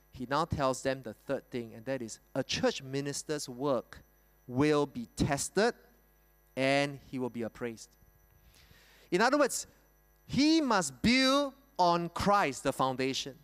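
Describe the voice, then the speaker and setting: A man preaching from the pulpit with a fairly high voice that rises and falls a lot as he stresses each point. He pauses on rhetorical questions and says key lines twice. His voice carries a long reverb through the church hall. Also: fairly bright tone. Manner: explains scripture with rhetorical questions and repetition. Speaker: pastor. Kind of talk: sermon.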